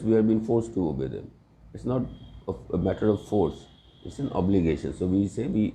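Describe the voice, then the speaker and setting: A man's voice: sits low, moderate pace, dark tone, a little hiss or hum. A man teaching English grammar in a recorded lesson, explaining patiently with examples and often checking with "right?".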